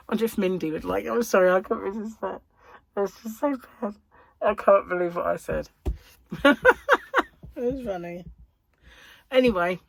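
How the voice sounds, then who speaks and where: Low, gravelly woman chatting. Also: no room sound. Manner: chatty, rambling, giggly asides. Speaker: crochet vlogger. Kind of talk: casual chat.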